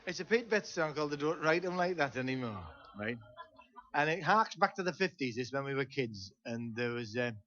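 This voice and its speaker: A man's voice: mid-range voice, animated, brisk, pushed and bright. A man with a Teesside accent telling a rambling comic story on stage, with lots of "see?" asides. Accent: Teesside English. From Teesside, England. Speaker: folk singer and comedian. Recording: dull lo-fi VHS tape transfer.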